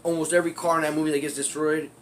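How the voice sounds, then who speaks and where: A man in a casual vlog, telling a story from his youth in a rambling, loose way. He swears freely and laughs often, in a slightly high voice. Faint background noise runs under him. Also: flat delivery, rapid-fire.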